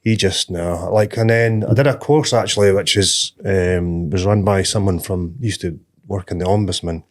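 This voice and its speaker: A man co-hosting a business podcast, speaking in a calm, plain-spoken, measured way. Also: deep voice. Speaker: podcast co-host. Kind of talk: casual chat.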